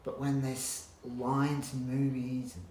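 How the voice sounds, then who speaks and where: A man's voice: medium pitch, monotone, darkish tone. Rambling man in an echoey room. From Australia. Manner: rambling, halting restarts, blunt swearing. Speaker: vlogger. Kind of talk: casual rant to camera. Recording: roomy echo, faint background hum.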